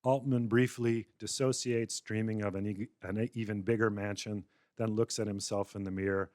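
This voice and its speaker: A man's voice: lowish voice, steady tone, moderate pace, darkish tone, no room sound. A male lecturer giving a public talk, narrating a wry, satirical scenario. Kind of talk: public lecture, storytelling argument.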